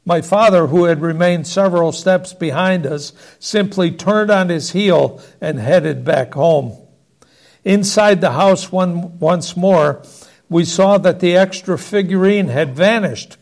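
A man's voice: high voice, slow pace, creaky. A man reading a Christmas-style family story aloud as narrator.

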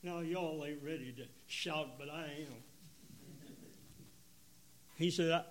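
A man, preaching an emotional testimony, swinging from loud bursts to hushed tones. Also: on the high side, slow pace, pauses often, slight background noise. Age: 70s. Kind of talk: sermon testimony.

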